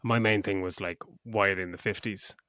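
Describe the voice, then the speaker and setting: A man's voice: sits low, fairly even intonation, fairly quick, pushed and bright, no echo, clean studio sound. A middle-aged man co-hosting a podcast, complaining about a film in an exasperated, sweary, laughing way. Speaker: podcast co-host. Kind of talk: casual film review chat.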